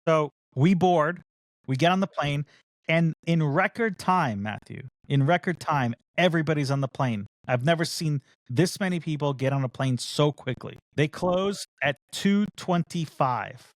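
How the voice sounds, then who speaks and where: A man's voice: on the high side, a little slow, no room sound. Dry, close-sounding man telling a story. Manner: animated storyteller who acts out the other people in his story. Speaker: podcast co-host. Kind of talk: casual chat.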